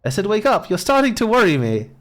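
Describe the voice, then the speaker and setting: A man's voice: high voice, wildly swooping pitch, fast, pitched above the performer's own voice. A man voicing a chatty, friendly male bird fisherman in a game, with a fussing, insistent manner.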